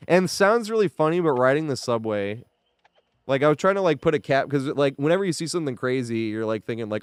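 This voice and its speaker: Young male streamer, casual rambling storyteller with a clean, clear voice recorded dry and close. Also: medium pitch, lively intonation, quick pace, dry recording. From New York area. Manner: rambling storytelling with frequent laughs and swearing. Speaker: game streamer. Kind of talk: casual chat while streaming.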